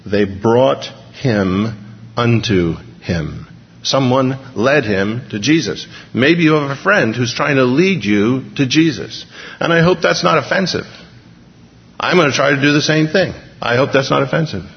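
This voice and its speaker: A man's voice: medium pitch, animated, moderate pace, vocal fry. Man preaching in a reverberant hall. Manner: dramatic, swings from hushed to emphatic. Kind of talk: sermon. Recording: dull recording, long hall reverb.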